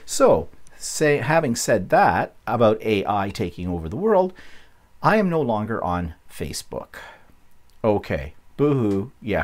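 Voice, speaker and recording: A man hosting a casual craft vlog, chatty and rambling, correcting himself as he goes, with a slight cough and a frog in his throat. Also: medium pitch. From Canada. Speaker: vlog host.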